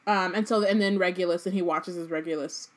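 A woman's voice: fairly low pitch, fairly even intonation, fairly quick. A woman co-hosting a podcast, casually summarizing a book chapter in a loose, chatty way. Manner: chatty, loose, frequent "um" and asides. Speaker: podcast co-host.

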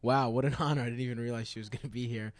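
A man's voice: medium pitch, fairly even intonation, rapid-fire, dry recording. A man co-hosting a comedy podcast who laughs often and gives goofy mock-announcer intros. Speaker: podcast co-host. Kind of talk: casual comedic podcast chat.

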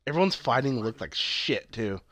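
A man's voice: mid-range voice, very animated, normal speed, fairly bright tone, dry recording. A man co-hosting a casual chat about a TV show, rambling and swearing, with lots of fillers and restarts. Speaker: podcast co-host.

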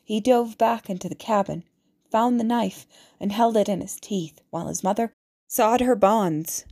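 A woman reading a novel aloud as audiobook narrator, in a measured, deliberate way. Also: mid-range voice, dark tone.

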